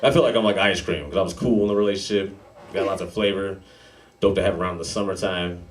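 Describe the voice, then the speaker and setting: A man in his thirties doing a stand-up comedy set in a club, with a laid-back, slangy delivery and deadpan dark jokes. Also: sits low, fast talker. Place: comedy club with a live audience. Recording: heavy noise behind a live club set.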